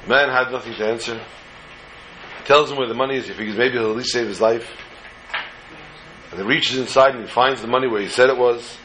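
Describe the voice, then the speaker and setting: A man's voice: mid-range voice, steady tone, a little fast, pauses often, sharp tone, slight background noise, poor audio. A man telling a religious folk tale in a casual, informal way, with digressions and joking asides. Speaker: storyteller.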